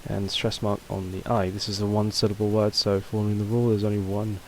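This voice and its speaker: Man, fairly low voice, casual video lesson, loose chatty teaching, faint hiss. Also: level tone, fast, darkish tone, rough recording. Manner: loose and chatty, with fillers and restarts. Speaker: language teacher.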